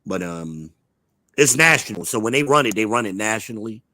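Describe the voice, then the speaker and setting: A man's voice: on the low side, lively intonation, fairly quick, pushed and bright, no room sound. Blunt, profane man hosting a live talk show. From Charlotte, United States. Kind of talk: casual opinionated chat.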